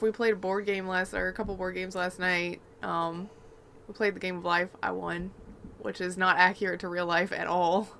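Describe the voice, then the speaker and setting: A woman's voice: medium pitch, creaky, a bit bright, a little hiss or hum. A woman co-hosting a gaming podcast, telling rambling, chatty stories in casual conversation. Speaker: podcast co-host.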